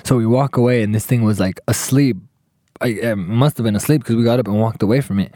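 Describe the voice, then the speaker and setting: A man's voice: mid-range voice, fast, no room sound, clean studio sound. A young man casually telling a profane story to friends, acting out what everyone said. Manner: profane, animated, acts out quotes.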